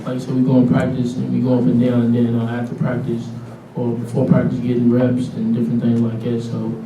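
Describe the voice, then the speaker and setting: A young college basketball player answering press questions in a plain way, often repeating "like I said". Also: male voice, medium pitch, completely flat delivery, quick pace, dull audio. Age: young adult. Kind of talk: post-game press conference answers. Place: press room after a game. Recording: roomy echo, mic far off, background noise.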